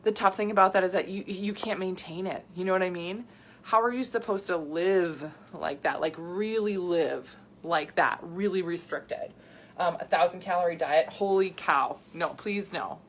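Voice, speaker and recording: Hosting a laid-back live stream, a thirty-something health coach and podcaster talks warmly and energetically to her audience, lighting up at their comments. Her voice is lowish and she keeps a moderate pace.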